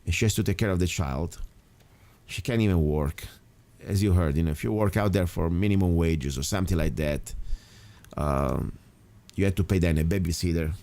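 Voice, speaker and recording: Emphatic talk radio host, lowish voice. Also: male voice, normal speed, a little mellow. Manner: emphatic, rambling with restarts. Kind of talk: casual talk radio monologue.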